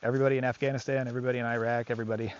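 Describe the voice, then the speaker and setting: A man's voice: medium pitch, level tone, rapid-fire, clear, resonant tone, lo-fi sound. A man working as a dog trainer, talking casually to the camera on an outdoor walk, rambling and reflective with many fillers.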